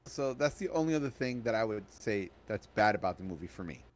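A man's voice: fairly low pitch, sing-song, fairly quick. A man co-hosting a podcast, chatting casually about a film with lots of restarts and fillers. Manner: rambling, many restarts and fillers. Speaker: podcast co-host. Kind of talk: casual movie review chat.

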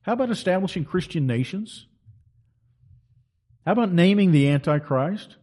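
A man's voice: high voice, animated, moderate pace, a little mellow. A middle-aged man delivering an impassioned, preaching monologue as a Christian commentator, emphatic and full of rhetorical questions.

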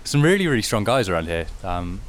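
A man from South Wales with a British accent, a doctor interviewed as a guest rider, modest and quick to laugh. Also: lowish voice, big pitch swings. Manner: modest, laughing easily, hesitant fillers. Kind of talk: casual interview.

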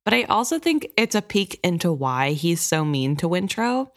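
A woman co-hosting a book podcast, chatting about the story in a lively, opinionated way. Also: lowish voice, normal speed. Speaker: podcast co-host.

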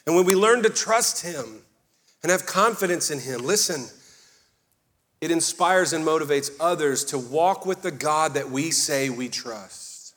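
Male pastor, fervent, calls to the crowd, voice on the high side. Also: animated, a little slow. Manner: fervent, swings from quiet to loud, call and response. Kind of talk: sermon.

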